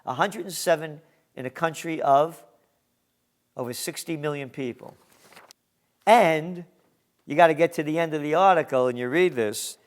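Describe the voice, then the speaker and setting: Male news commentator with a fairly high voice. Reads headlines, then adds punchy, sarcastic asides. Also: moderate pace, long pauses. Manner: sarcastic and emphatic, mocking asides. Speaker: trend forecaster hosting a news commentary.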